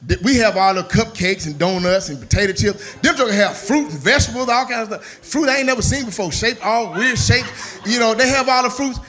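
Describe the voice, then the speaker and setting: A male stand-up comedian performing a set with an animated, punchy delivery. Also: high voice, a little fast, soft background music.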